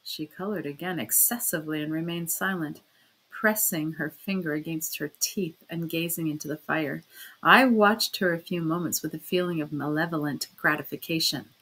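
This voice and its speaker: A woman narrating a classic novel in a measured, steady reading voice. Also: sits low, breathy edge, rough recording. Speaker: audiobook narrator.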